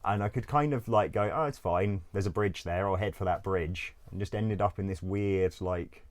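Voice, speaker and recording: A man with a very low, deep voice tells stories in a loose, rambling way. He leans on "like" constantly, swears without a second thought and breaks into laughter as he goes. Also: moderate pace. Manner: rambling, full of "like", swears freely, laughs often. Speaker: interview guest. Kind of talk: casual storytelling.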